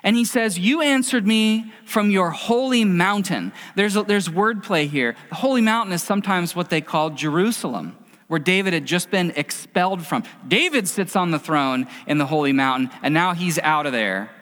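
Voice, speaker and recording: A man's voice: a little high, animated, moderate pace, fairly bright tone. A middle-aged man preaching a sermon in a conversational, storytelling way, acting out quotes as he goes. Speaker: pastor. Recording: long reverb of a hall.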